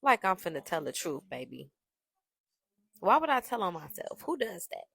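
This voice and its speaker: A young adult woman telling a story in a brash, profane, animated gossip style. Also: fairly low pitch, moderate pace, gravelly, breathy edge, no echo. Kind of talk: casual storytime monologue.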